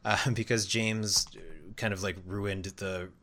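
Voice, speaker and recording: A man's voice: on the low side, little pitch movement, measured pace, pushed and bright. A man co-hosting a podcast, casually retelling a film's plot in rambling starts and stops. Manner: rambling, restarts a lot. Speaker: podcast co-host. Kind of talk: casual chat recapping a film.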